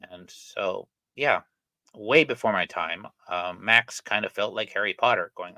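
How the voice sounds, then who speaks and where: A middle-aged man talks through a written article in a loose, rambling way, often stopping to correct himself. His voice is on the low side but forceful and bright. The sound is dry, with almost no room around it. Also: normal speed, no room sound, low-quality recording. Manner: rambling and discursive, with frequent fillers and self-corrections. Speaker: channel host discussing an article. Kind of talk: casual spoken commentary on a reading.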